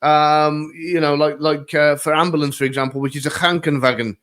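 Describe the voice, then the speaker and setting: A man hosting a casual podcast conversation who chats easily, laughs often and answers with quick replies. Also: fairly high pitch, fairly even intonation, a bit bright. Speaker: podcast host.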